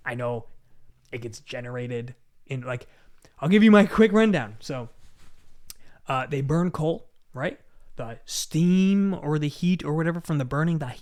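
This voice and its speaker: A young adult man hosting a casual motivational talk, animated and excitable, often breaking into laughter. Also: on the high side. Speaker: host.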